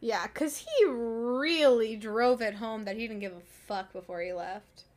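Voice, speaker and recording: A woman's voice: fairly high pitch, a little slow, a little mellow. A young woman co-hosting a casual book chat, laughing often and swearing freely. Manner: giggly, swears freely, acts out quotes. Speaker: podcast co-host.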